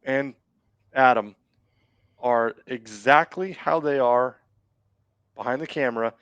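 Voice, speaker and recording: A man's voice: mid-range voice, takes it slowly, fairly bright tone, clear, resonant tone, dry recording, dull audio. A man chatting as a podcast guest, emphatic and enthusiastic, swearing casually. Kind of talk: casual chat.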